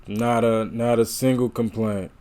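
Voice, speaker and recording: A man talks slowly through his reactions, circling back and correcting himself as he thinks out loud. His voice sits at an ordinary, mid-range pitch for a man. He speaks in a casual, unhurried reaction-video style. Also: steady tone, noisy background. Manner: musing, meandering, self-correcting.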